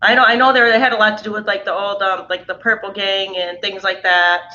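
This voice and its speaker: A woman's voice: medium pitch, fairly even intonation, fast talker, pushed and bright, a little hiss or hum. A woman co-hosting a spiritual chat, speaking hesitantly with many fillers and restarts, with a dull lo-fi stream sound. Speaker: spiritual reader co-host. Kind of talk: casual chat on a live stream.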